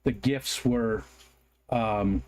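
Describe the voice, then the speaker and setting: A fairly low, steady, slightly mellow voice belongs to an American man hosting a casual livestream, and he speaks very slowly. He chats and reads viewer comments out loud, rambling apologetically with frequent ums and restarts.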